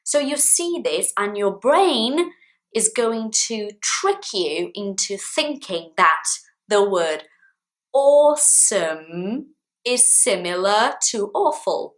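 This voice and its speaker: A woman teaching English vocabulary to camera in a clear, deliberate way, with playful example sentences. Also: medium pitch, lively intonation.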